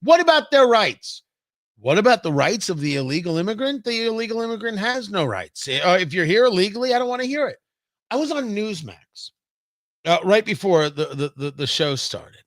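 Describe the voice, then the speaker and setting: A man's voice: a little fast, dry recording. Sarcastic guy hosting a talk show, voice jumps all over the place, real dry close mic. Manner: animated, sarcastic, swings between loud jabs and low asides. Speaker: radio talk show host. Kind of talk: opinionated political commentary.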